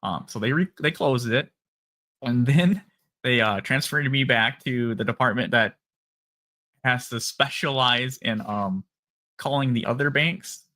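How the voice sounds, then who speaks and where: A man with a Minnesota accent, hosting a live stream and casually telling a long story, acting out phone calls in animated voices. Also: medium pitch, unhurried.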